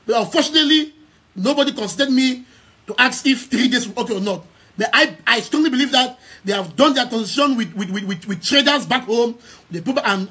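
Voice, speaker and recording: Man, Cameroonian English accent, young adult, husky, sharp bright tone, emphatic, repetitive, live-stream address. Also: very high voice. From Southern Cameroons. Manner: emphatic, repeating key phrases, many stammered restarts. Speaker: activist and news outlet head.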